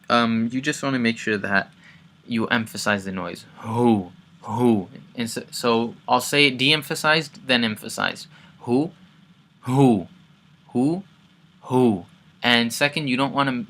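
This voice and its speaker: A man with a bright voice teaches Quran recitation in a relaxed, casual way. He breaks each word into its sounds and says them again and again. When he recites the verses, his voice rises and gets louder. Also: mid-range voice. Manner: explains sounds step by step, repeats words, chants recited verses loudly.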